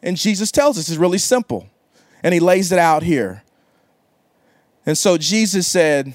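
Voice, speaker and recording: A man's voice: a little high, moderate pace, no echo. A man preaching a livestreamed sermon to online viewers, casual and slangy, asking them to respond. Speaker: pastor.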